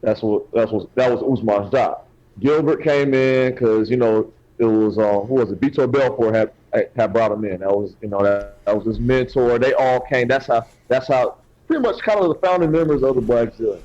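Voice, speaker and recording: A man's voice: medium pitch, normal speed, a little mellow. A man co-hosting a casual podcast, arguing his side hesitantly and often repeating words. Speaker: podcast co-host. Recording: dull lo-fi sound.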